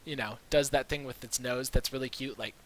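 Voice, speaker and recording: A man narrating as dungeon master in relaxed, filler-heavy storytelling on a USB mic over a video call. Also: medium pitch, fairly quick, slight background noise, rough recording. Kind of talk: narrating a tabletop game.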